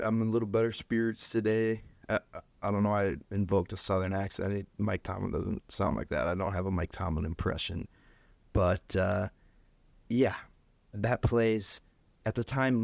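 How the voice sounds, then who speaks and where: A man with a lowish, gravelly voice runs through a solo sports podcast, rambling and joking at his own expense. The sound is close and dry, with no room around it. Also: no echo. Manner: joking, rambling, self-mocking. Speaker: podcast host.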